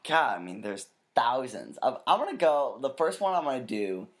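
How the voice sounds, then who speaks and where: A man's voice: mid-range voice, big pitch swings, normal speed. A man co-hosting a podcast in casual chat, easygoing and often answering with short agreeing replies. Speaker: podcast co-host.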